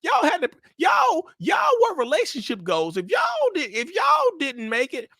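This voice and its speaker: A man voicing a gushing admiring friend in a shrill, much higher voice. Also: wildly swooping pitch, unhurried, creaky, no echo, clean studio sound, exaggerated voice. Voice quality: shrill, shouting.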